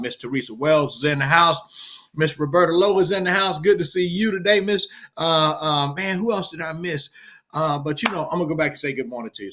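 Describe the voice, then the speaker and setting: A middle-aged man, a pastor giving a casual morning sermon on a livestream, greeting viewers by name and swinging from loud shout-outs to hushed storytelling. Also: a little high.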